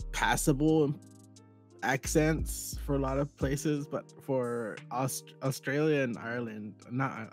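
A man co-hosting a casual podcast, relaxed and self-deprecating as he rambles, with faint music underneath. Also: mid-range voice. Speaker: podcast co-host.

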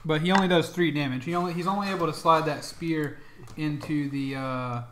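A man's voice: on the high side, steady tone, brisk, reverberant, noisy background. A man narrating a tabletop game as dungeon master, in a loose, chatty way with plenty of ums and laughs.

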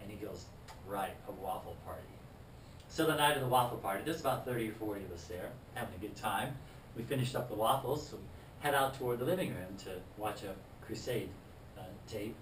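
A man telling a personal testimony story and acting out the scenes in a lively way. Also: fairly low pitch, fast talker, a little hiss or hum. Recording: roomy, distant mic.

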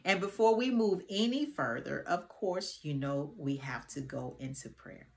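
A woman's voice: sits low, lively intonation, unhurried, gravelly. A woman hosting a Christian finance channel, speaking to her viewers in a familiar, folksy way and leading them in prayer and scripture reading. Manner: warm familiar address to viewers, folksy and preacherly; reads scripture aloud and prays earnestly. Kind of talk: casual faith-based teaching and prayer.

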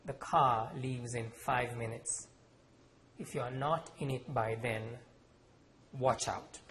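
A man's voice: fairly high pitch, lively intonation, moderate pace, slight background noise, voice pushed up, lightly acted. A man reading aloud, voicing a mother who gives firm, clipped orders. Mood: stern. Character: firm mother, brisk and uneasy.

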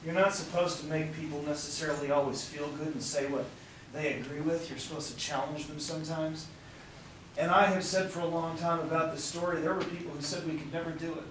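Leading a tour group outdoors, a hoarse man speaks with a preacher's emphatic fervor in a worn voice pitched a little high. His tone is steady, bright, and a little fast. He's captured from a distance, with heavy echo and faint surrounding noise.

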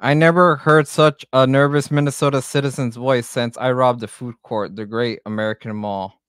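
A man doing live play-by-play of a baseball game on a stream, joking, swearing and shouting on big plays, a bit out of breath. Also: mid-range voice, steady tone, moderate pace, clean tone, dry recording, studio quality. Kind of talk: live amateur play-by-play commentary.

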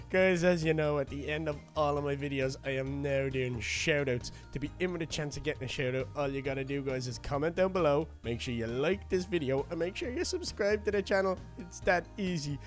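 An Irish man, a gaming YouTuber, talking excitably with many fillers in a playful game role-play. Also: a little high. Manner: excitable, quick, full of fillers.

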